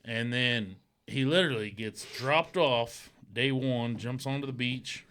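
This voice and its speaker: A man's voice: medium pitch, a little slow. A man casually chatting on a podcast, telling a rowdy story full of swearing and acted-out quotes. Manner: animated storyteller acting out quoted voices. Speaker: podcast host. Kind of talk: casual profane storytelling chat.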